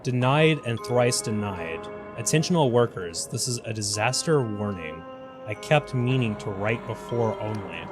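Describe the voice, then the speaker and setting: A man voicing a corrupted, broken-minded creature in a video game that speaks in halting, disjointed fragments. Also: lowish voice, expressive, over music. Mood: mournful cryptic.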